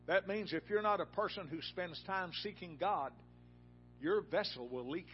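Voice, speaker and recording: A man's voice: high voice, moderate pace, muffled recording, soft background music. Folksy preacher man. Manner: folksy storytelling, rising to loud emphatic peaks. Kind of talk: sermon with personal story. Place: church.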